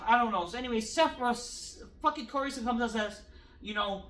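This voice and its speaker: A woman's voice: fairly high pitch, fairly quick, fairly bright tone. A woman reviewing a wrestling show in a casual, profane rant. She sounds exasperated and sarcastic, with lots of fillers and restarts. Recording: roomy echo.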